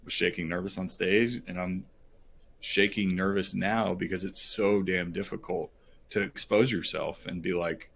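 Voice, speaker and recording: A man's voice: low voice, fairly even intonation, a little slow, gravelly, fairly bright tone. A man being interviewed on a podcast, telling a personal story in an earnest, rambling way with many fillers. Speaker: podcast guest.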